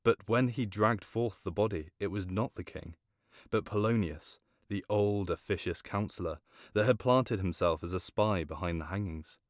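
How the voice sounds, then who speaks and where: Low-pitched male narrator, measured formal storybook reading, dry close mic. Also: dry recording.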